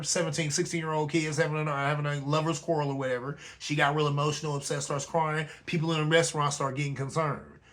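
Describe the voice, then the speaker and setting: A male host talks in a relaxed, conversational monologue, checking in with listeners again and again. His voice sits a little higher than most men's. He sounds like he is recording at home into a camera mic. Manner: conversational, repeats "you know what I'm saying". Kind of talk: casual commentary monologue.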